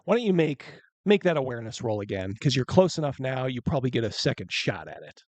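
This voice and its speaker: A man's voice: mid-range voice, big pitch swings, quick pace, a little mellow, dry recording. A man narrating as game master of a tabletop game, loose and chatty, laughing often.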